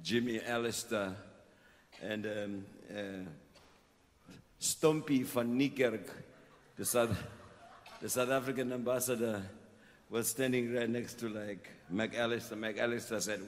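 A man's voice: mid-range voice, fairly even intonation, a little slow. A man talking to a festival crowd from the stage between songs, telling a story with chuckles and coaching the audience. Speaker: performing musician. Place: concert stage at an outdoor festival. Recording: live concert in a reverberant venue. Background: band and music playing.

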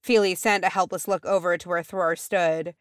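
Low-voiced woman reading a story. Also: steady tone, normal speed, smooth, dry recording, clean studio sound. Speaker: audiobook reader. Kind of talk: fan fiction narration.

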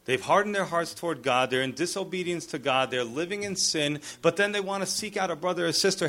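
Man, pastor, sermon, conversational, animated delivery, slightly high voice. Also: fairly quick, hardly any pauses. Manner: animated, acts out quoted lines in a raised voice; conversational asides, fillers. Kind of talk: expository sermon.

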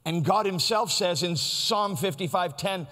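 A man's voice: high voice, a little slow, bright, forceful tone, big-room sound. A man preaching a sermon in a church, in a conversational, storytelling way. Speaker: pastor.

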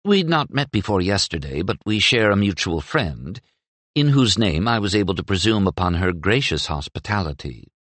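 A man's voice: low-pitched, very animated, normal speed, a bit bright, dry recording, full character voice. Man doing a poised, witty young woman. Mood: gracious.

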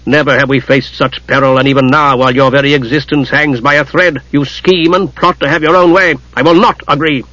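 A man voicing a stern, grim male god in an audiobook, speaking gravely. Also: fairly high pitch, fairly even intonation, a little fast, few pauses, sharp tone, no echo. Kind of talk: audiobook character reading. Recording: muffled lo-fi recording.

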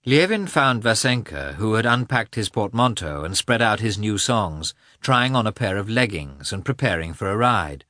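A man reading a classic novel aloud as narrator, measured and expressive. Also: lowish voice, no room sound, clean studio sound. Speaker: audiobook reader. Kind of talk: scripted narration.

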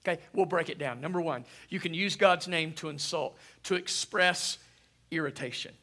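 Pastor guy, middle-aged, gravelly and bright, preaching and calling on the crowd. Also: a little high, moderate pace. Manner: animated, call-and-response preaching. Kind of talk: sermon.

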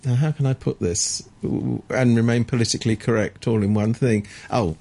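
A man's voice: medium pitch, fairly even intonation, moderate pace, creaky, warm tone. A man co-hosting a morning radio show, talking indignantly and sardonically about the news in a studio. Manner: indignant, sardonic, mimics voices to mock. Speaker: radio co-host. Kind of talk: opinionated radio chat.

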